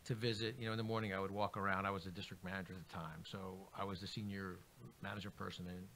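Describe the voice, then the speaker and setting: A man's voice: low-pitched, fast, slight background noise. A middle-aged man, a book author, telling work stories as a radio guest and acting out the dialogue. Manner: animated, acts out quoted dialogue. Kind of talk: interview storytelling.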